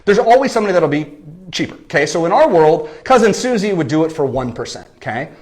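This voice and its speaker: A man in his thirties giving an animated business coaching talk, often checking in with "okay?" and "right?". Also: fairly high pitch, fast. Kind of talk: energetic marketing talk. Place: lives in San Diego.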